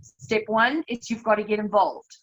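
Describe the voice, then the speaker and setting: A woman leading a live slide presentation, explaining step by step in a brisk, emphatic way and often calling her listeners "you guys". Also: medium pitch, lo-fi sound. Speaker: network marketing team leader presenting a webinar.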